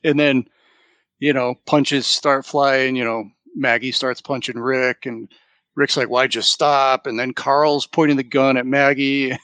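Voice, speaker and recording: A man co-hosting a casual podcast chat, retelling a story with lively quoted lines and laughter. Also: mid-range voice, unhurried, no echo. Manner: animated retelling, quoting characters with laughs. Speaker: podcast co-host.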